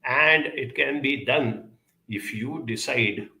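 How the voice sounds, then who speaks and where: A man answering audience questions in a reflective advice talk, speaking in a measured, deliberate way with frequent pauses. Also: medium pitch, creaky, sharp tone, roomy sound, poor audio.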